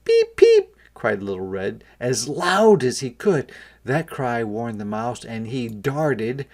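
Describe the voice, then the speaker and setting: A man, a kindergarten teacher, reading a picture book aloud to young children and pausing to explain words. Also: mid-range voice, expressive.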